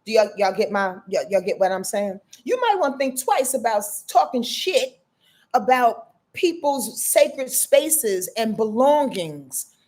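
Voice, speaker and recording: A woman with a slightly raised pitch hosts a live-stream astrology reading. She talks in a loose, chatty way, affectionate and blunt, with casual cursing mixed into her spiritual advice. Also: sing-song, unhurried, a little mellow. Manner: frank, affectionate, profane, chatty.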